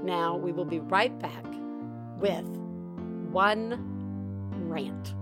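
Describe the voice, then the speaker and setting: A woman hosting a podcast, reacting to callers in casual, expressive chat with frequent laughter. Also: lowish voice, very slow, long pauses, loud music behind the voice. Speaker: podcast host.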